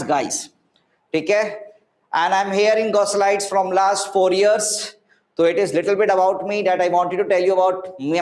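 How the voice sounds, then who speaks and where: A man in his thirties with an Indian accent teaching a live online physics class, chatty and encouraging, mixing Hindi words into his English. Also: high-pitched. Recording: echoey room.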